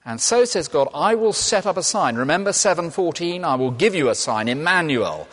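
A man's voice: on the high side, animated, normal speed, fairly bright tone. A man preaching a sermon in a conversational way, asking and answering his own questions. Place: church. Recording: long reverb of a large hall.

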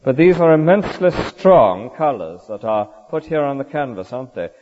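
Earnest preacher, lively pitch. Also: male voice, moderate pace. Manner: earnest, rhetorical, with frequent tag questions. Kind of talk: sermon. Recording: dull lo-fi recording with long hall reverb.

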